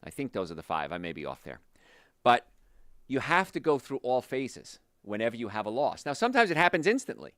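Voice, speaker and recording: A man's voice: medium pitch, fairly quick, no room sound, studio quality. A man hosting a health show, giving an emphatic, motivational talk straight to his listeners. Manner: emphatic, animated, speaks directly to listeners.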